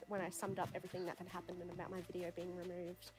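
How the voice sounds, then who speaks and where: A woman's voice: on the low side, monotone, rapid-fire, over music. A woman chatting casually as a guest on a stream, her speech full of "like" and "um". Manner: chatty and peppered with "like" and "um". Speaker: stream guest and video creator. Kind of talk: casual chat.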